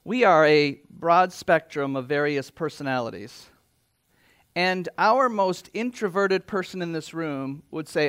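A man preaching a sermon to his congregation in earnest, dropping to quiet asides and lifting his voice for exhortations. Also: high voice, lively intonation, normal speed. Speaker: pastor. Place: church.

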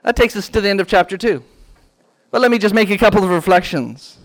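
A man teaching a children's Bible lesson in a church classroom, animated and quizzing the class with questions. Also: sits high, fast talker.

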